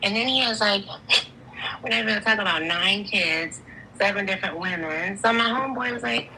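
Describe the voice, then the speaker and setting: A Philadelphia-accented woman in her forties calls into a live show and tells her story casually, animatedly acting out the voices of the other people in it. She speaks at a medium pitch and normal speed over a noisy background.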